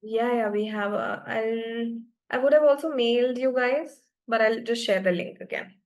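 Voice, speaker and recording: A woman's voice: a little high, normal speed, darkish tone, highs cut off. A woman teaching French to beginners in an online class, explaining patiently and often checking that students follow.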